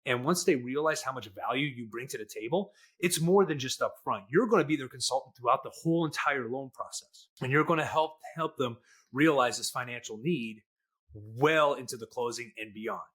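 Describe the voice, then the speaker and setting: A man's voice: mid-range voice, moderate pace, fairly bright tone, husky. A middle-aged man with a Midwestern accent, co-hosting a casual podcast chat in a jokey, folksy storytelling way. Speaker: podcast co-host, lender.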